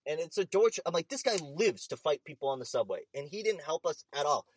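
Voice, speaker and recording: A young man telling an animated, profane story in casual chat. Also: fairly high pitch, a little fast, slight background noise.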